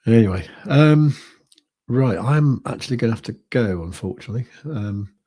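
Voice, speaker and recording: A British man hosts a crypto trading livestream, casually commenting on charts and thinking out loud with plenty of fillers. His medium-pitched voice is animated, warm and slightly rough, at a normal speed.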